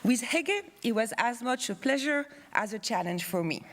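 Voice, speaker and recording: A woman's voice: on the high side, lively intonation. Playful woman presenting an academic award. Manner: playful, teasing, talks quickly in bursts. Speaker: conference co-convener presenting an award. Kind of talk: joking award speech at a conference.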